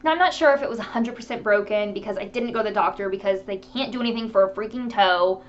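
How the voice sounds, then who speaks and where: A woman vlogger chatting to camera, telling animated stories with laughter. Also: medium pitch, quick pace, highs cut off. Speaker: beauty vlogger. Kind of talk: casual chat to camera.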